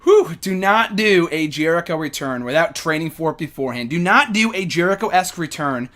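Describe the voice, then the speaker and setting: Out of breath guy hosting a fan q&a, high voice, super amped, rambly. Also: brisk. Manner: excited, rambling, with swearing. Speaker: host. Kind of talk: casual fan Q&A vlog.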